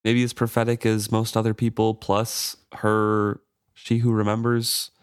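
A man's voice: lowish voice, completely flat delivery, unhurried, smooth, dry recording, clean studio sound. A man co-hosting a book podcast, musing and thinking aloud in casual talk. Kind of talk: casual chat.

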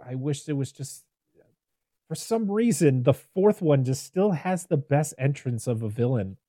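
A man hosts a relaxed podcast film discussion, talking in loose, rambling runs full of restarts. His voice is warm and mellow. The sound is dry and close. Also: mid-range voice, unhurried, no room sound. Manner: rambling and animated, lots of "like" and restarts. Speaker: podcast host reviewing a film. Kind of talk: casual chat.

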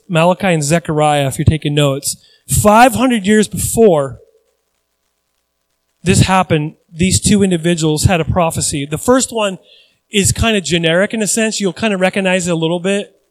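Animated high-voiced young male preacher. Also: rough recording. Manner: animated, builds to loud emphatic preaching; conversational asides with restarts. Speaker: pastor. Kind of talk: sermon.

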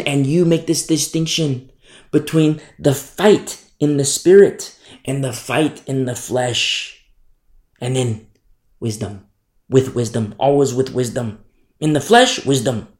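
A man's voice: fairly high pitch, animated, unhurried, darkish tone. A male pastor preaching a fervent sermon, driving points home with repetition. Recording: roomy echo.

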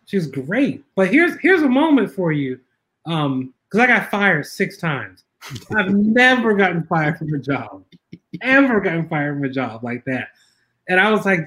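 High-voiced man telling lively stories. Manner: animated, acts out quoted voices; laughs often, many restarts. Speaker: guest filmmaker. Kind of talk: casual storytelling interview.

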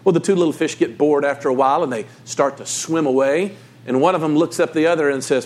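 A man's voice: fairly high pitch, animated, quick pace, darkish tone. A man preaching a sermon as pastor, talking to the congregation in a conversational, storytelling way.

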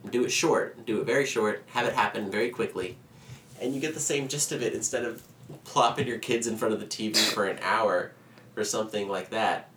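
A man co-hosting a casual podcast chat, joking and animated as he retells a show's plot. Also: lowish voice, brisk. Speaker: podcast co-host. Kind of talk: casual chat reviewing a holiday special. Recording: roomy, distant mic, faint background noise.

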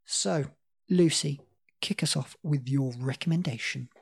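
A woman's voice: low-pitched, unhurried, vocal fry, husky. A woman hosting a casual podcast quiz, upbeat and giggly. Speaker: podcast host.

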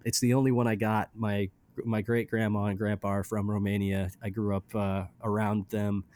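A man co-hosting a casual music podcast, rambling with many restarts and trailing off quietly. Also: on the low side, level tone, moderate pace, no room sound. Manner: rambling, restarts often, drops quiet at ends of thoughts. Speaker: podcast co-host reviewing music. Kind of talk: casual chat.

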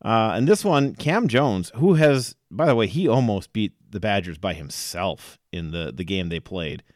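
A man's voice: fairly low pitch, expressive, normal speed, a little mellow, no room sound, clean studio sound. A man co-hosting a casual sports podcast, reeling off game stats with fillers and small laughs.

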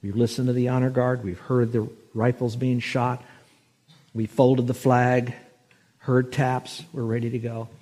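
Husky man preaching a sermon. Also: mid-range voice, level tone, a little mellow. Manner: storytelling, slows and swells for emphasis on scripture. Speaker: pastor.

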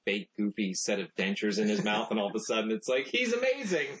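Husky wisecracking male co-host. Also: fairly low pitch, level tone, fast talker. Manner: wisecracking, dry. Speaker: podcast co-host. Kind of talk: casual chat. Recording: slightly dull lo-fi audio.

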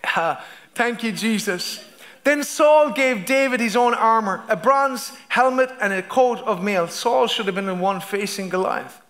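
A man's voice: high-pitched, animated, measured pace, a bit bright. A man preaching a sermon as pastor, stumbling over restarts and asking the congregation "amen?" as he reads scripture.

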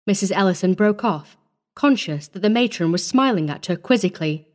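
A woman reading a classic short story aloud in a measured, even storytelling manner. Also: lowish voice. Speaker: narrator. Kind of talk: scripted audiobook narration.

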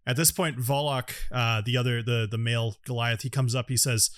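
A man narrating as game master for a tabletop game, in a casual, halting way with many fillers. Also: medium pitch, steady tone, a bit bright, no echo, studio quality.

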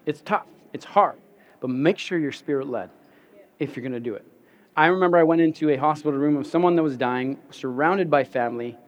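A man pastor preaching a sermon, telling stories animatedly, repeating words and laughing at himself. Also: mid-range voice.

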